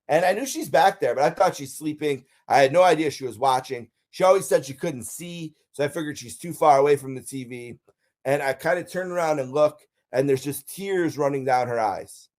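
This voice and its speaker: A man's voice: mid-range voice, darkish tone. A middle-aged man from Buffalo telling personal stories in a casual countdown, upbeat with frequent ums. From Buffalo, USA. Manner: enthusiastic storyteller, frequent ums and uhs.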